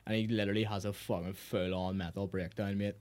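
A man's voice: on the low side, fast talker. A man co-hosting a casual podcast, telling stories with lots of swearing and laughter. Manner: sweary, laughing storyteller, animated retellings. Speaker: podcast co-host. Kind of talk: casual chat.

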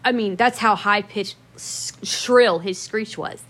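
A woman's voice: mid-range voice, takes it slowly, a bit bright. A woman telling a personal story in a casual, rambling way, swearing often and stressing her words for emphasis.

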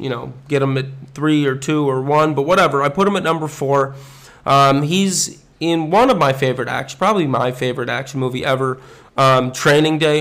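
A man's voice: a little high, a bit bright. A man talking casually and enthusiastically, rambling with frequent ums and restarts as he ranks his favorite actors. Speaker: host ranking favorite actors. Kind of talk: casual unscripted commentary.

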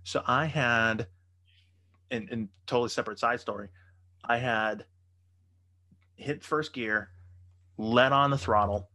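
A man's voice: medium pitch, slow, pauses often. Profane man telling a wild story. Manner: profane, animated, acts out quotes in raised voices. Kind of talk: casual storytelling.

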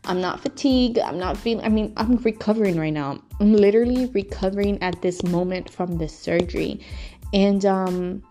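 A woman talks through a personal story on a podcast in a loose, heartfelt way, full of fillers and frank curse words. Her voice sits at an ordinary middle pitch. Soft music plays faintly behind her. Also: moderate pace. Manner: emotional, frank, swears freely, lots of fillers. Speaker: podcast host telling her own story.

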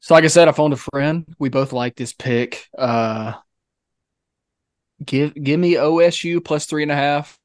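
A young man co-hosting a casual sports podcast, talking in a laid-back, halting way with lots of filler sounds. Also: on the high side, no room sound, clean studio sound. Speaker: podcast co-host. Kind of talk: casual chat.

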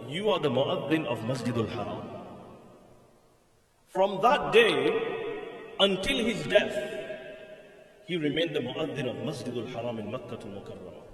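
A man's voice: fairly high pitch, fairly bright tone. A man, a mufti giving a storytelling lecture in a mosque, who chants the call to prayer melodically. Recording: echoey hall, voice from far off.

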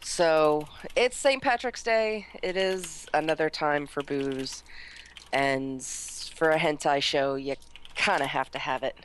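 A woman's voice: sits low, takes it slowly, a little hiss or hum. A woman co-hosting a casual comedic podcast, teasing and playful. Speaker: podcast co-host.

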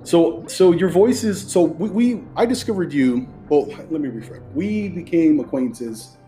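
Mellow-voiced chatty male podcast host. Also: on the high side, lively intonation, measured pace, soft background music. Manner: chatty and effusive, with loose restarts. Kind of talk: casual podcast chat.

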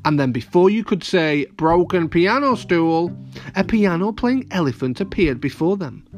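A man's voice: high-pitched, moderate pace, soft background music. A man reading a children's audio story aloud, playful and talking to the kids directly. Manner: animated, playful, addresses children.

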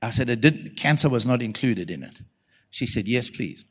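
A middle-aged South African man preaching through a long personal story. His pitch sits in an ordinary middle range. He leaps up and down in tone as he acts out what each person said. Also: moderate pace. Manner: animated, acts out the voices in his stories. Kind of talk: storytelling sermon.

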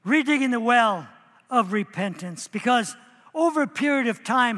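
Pastor man preaching, pretty high voice, lots of church hall echo, acts out the quotes. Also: fairly bright tone. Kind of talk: sermon. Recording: long hall reverb.

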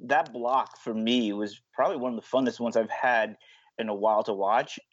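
Man, mid-pitch, casual panelist; laughs a lot, stumbles and restarts; dull lo-fi sound. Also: normal speed, dry recording. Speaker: podcast panelist. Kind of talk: casual chat. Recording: dull lo-fi audio.

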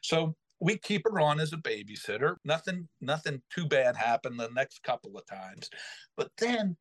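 Middle-aged male storyteller, a bit high-pitched, lively, dry close sound. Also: normal speed, dry recording, poor audio. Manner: animated, acts out quoted voices. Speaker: podcast host telling a story. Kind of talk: casual storytelling.

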